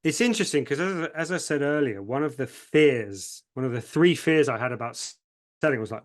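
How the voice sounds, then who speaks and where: A man's voice: medium pitch, expressive, a little fast. A man, an agency founder speaking as a podcast guest, telling his story candidly and with feeling, repeating words when moved and acting out what others said.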